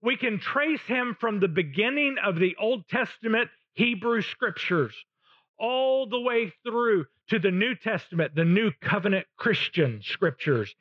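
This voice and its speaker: A man with a fairly high voice preaches a sermon at an unhurried pace, pressing each short phrase with long pauses between them. The recording is dull and lo-fi, with a dry sound. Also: animated, breathy edge, dry recording. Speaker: pastor.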